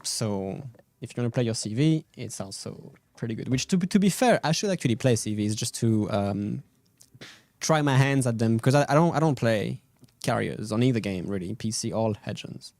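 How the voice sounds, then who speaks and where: A man's voice: medium pitch, expressive, normal speed, gravelly, darkish tone, no room sound. A man hosting a live game stream, chatting casually about gameplay and answering viewers' questions. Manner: laid-back, rambling, fillers, answers chat. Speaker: stream host.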